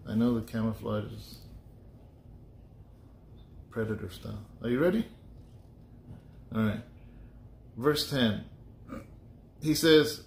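A man's voice: mid-range voice, takes it slowly, creaky, long pauses. A man pastor leading a casual Bible study, chatty and joking, thinking aloud with restarts. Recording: echoey room.

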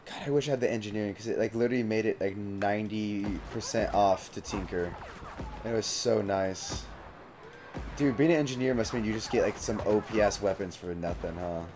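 Music plays under this man's lowish, brisk voice. He's streaming a video game live, cursing freely and chatting in a casual commentary style as the game goes on.

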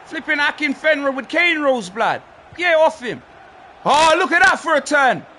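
Excitable young man ranting at a game. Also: very high voice, moderate pace, a little hiss or hum. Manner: excitable, slangy, shouting at the game. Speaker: gaming streamer. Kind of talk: live game commentary.

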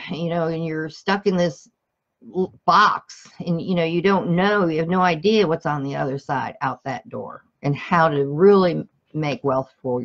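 A motivational reader with a lowish voice reads from a self-help book, occasionally stumbling and correcting herself, and stopping to address her listeners directly. The recording sounds muffled.

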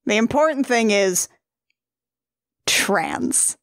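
A woman's voice: fairly high pitch, lively intonation, extremely slow, no echo, studio quality. A woman hosting a podcast, chatty and jokey, swearing casually as she talks. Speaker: podcast host.

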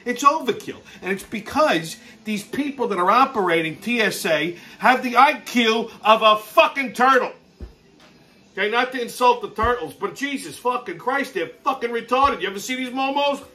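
A man's voice: very high voice, animated, normal speed, bright, forceful tone. A man hosting his own show, ranting crudely and swearing nonstop in an exasperated comedic way. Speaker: podcast host. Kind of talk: profane comedic rant.

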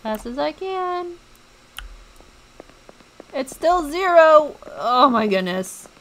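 A young woman streams a game in let's-play style, chatting with her viewers and reacting jumpily as she plays. Her voice is high-pitched, sing-song and slow. The recording is rough, with slight background noise.

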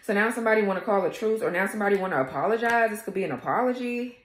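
A woman's voice: mid-range voice, racing, roomy sound. A woman doing a casual tarot reading for her viewers, blunt, sassy and full of swearing. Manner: talks straight to viewers, laughing at times. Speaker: tarot reader.

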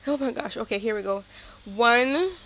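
A woman's voice: fairly high pitch, normal speed. Chatty woman narrating her game. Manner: chatty, excitable, talks straight to viewers. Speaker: gaming YouTuber. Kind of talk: casual gameplay commentary.

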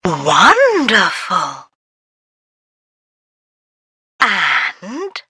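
A woman voicing a friendly playful preschool cartoon character who talks slowly and sets riddles for a child. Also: fairly low pitch, slightly rough, dry recording, clean studio sound, heavily acted. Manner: slow, animated, posing riddles to a child.

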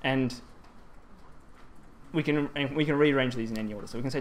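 A man's voice: mid-range voice, a little fast. Guy explaining grammar at a conference talk, lots of ums, bit of faint hiss behind. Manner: explanatory, frequent ums and restarts. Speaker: Japanese language presenter. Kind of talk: conference presentation. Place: presentation hall.

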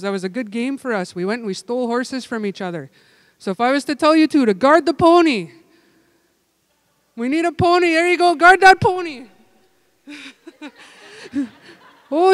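A man leading a language-camp group game indoors, calling out playful, energetic instructions. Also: very high-pitched, dry recording. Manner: energetic, playful, giving loud calls and instructions. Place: indoor room with tables.

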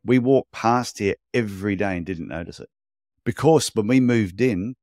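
A chatty man co-hosting a podcast, telling stories in a blunt, animated way. His voice sits low. The sound is dry and close. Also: no room sound. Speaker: podcast co-host, podiatry business coach. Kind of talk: casual podcast chat.

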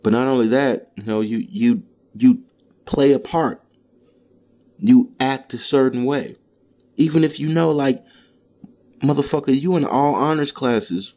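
A man hosting a solo comedy podcast, delivering a profane, animated monologue. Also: mid-range voice, measured pace, long pauses, muffled recording. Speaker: podcast host. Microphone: solo podcast mic.

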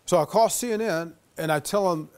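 A man giving a lecture as an animated storyteller, acting out the voices of the people in his anecdote. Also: high-pitched, fairly quick, clean tone. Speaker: guest lecturer.

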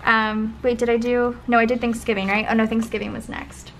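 A young woman flipping through her old planner spreads in a casual vlog, often trailing into soft, breathy gushing asides. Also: on the high side, level tone, fairly quick. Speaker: planner vlogger. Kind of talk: casual flip-through commentary. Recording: faint background noise.

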